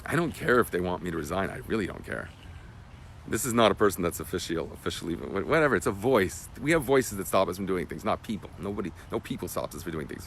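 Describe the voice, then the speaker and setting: Rabbi teaching in loud bursts and whispers. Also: male voice, sits low, vocal fry, a little hiss or hum. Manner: animated, emotional teaching. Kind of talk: Torah class.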